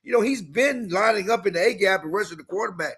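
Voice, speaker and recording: A man co-hosting a sports podcast in casual chat, animated and given to repeating himself. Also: high-pitched, fast talker, breathy edge. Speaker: podcast co-host.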